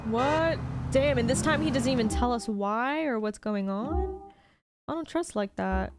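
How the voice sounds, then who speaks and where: A woman hosting a gaming channel, giving excitable, giggly let's play commentary. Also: on the high side, unhurried, background noise.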